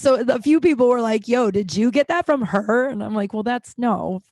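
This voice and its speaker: A woman's voice: fairly high pitch, no room sound. A woman hosting her own podcast in casual solo chat, rambling and self-deprecating, swearing freely with lots of ums and restarts. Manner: frequent filler words and restarts. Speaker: podcast host.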